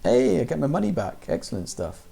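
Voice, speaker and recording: A man chatting through a let's-play stream in a jokey, slangy way. His voice is gravelly with a dark, mellow tone. He plays a relaxed video game and riffs on the characters. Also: medium pitch, a little fast, soft background music. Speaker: gaming streamer.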